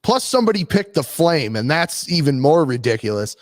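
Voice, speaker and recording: A man's voice: on the high side, sing-song, brisk, no room sound. A man co-hosting a music podcast who gives blunt, stubborn opinions in casual back-and-forth debate. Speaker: podcast co-host.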